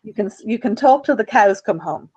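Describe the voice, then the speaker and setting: A woman's voice: medium pitch, expressive, moderate pace, darkish tone, slightly rough, dry recording, lo-fi sound. A woman from Ireland hosting a radio self-help talk, earnest and encouraging, often repeating her phrases. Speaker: radio host.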